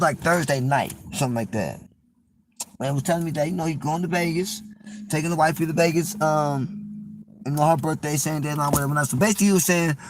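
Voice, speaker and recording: A young man telling a personal story in casual slang, acting out the voices of the people he quotes. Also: on the high side.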